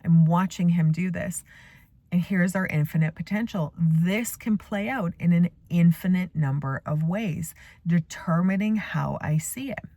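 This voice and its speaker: A middle-aged woman with a fairly low voice speaks to her phone from a parked car. She coaches in a casual, animated way, slipping playful asides into her stories. The sound is close and dry, with no room around it. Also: unhurried, no echo. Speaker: spiritual coach. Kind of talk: casual motivational talk to camera. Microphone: phone camera.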